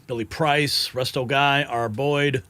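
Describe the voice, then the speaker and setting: A man's voice: mid-range voice, steady tone, slow pace, bright, forceful tone, dry recording. A man hosting a live political news stream, frustrated and agitated, sighing and swearing between headlines. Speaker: livestream news host.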